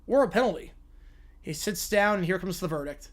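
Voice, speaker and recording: A man's voice: high-pitched, a little fast. Playful streamer man narrating a story. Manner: animated, playful, laughing asides. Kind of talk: live-stream reading and reacting to a story.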